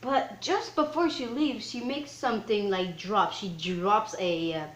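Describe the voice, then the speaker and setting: An excitable woman talks through a film's plot in a loose, rambling recap, filling every gap with "like" and "um". Her voice sits at an ordinary middle pitch. The room around her adds a noticeable echo. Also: measured pace, a little hiss or hum. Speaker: film reviewer. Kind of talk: casual film recap. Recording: roomy echo.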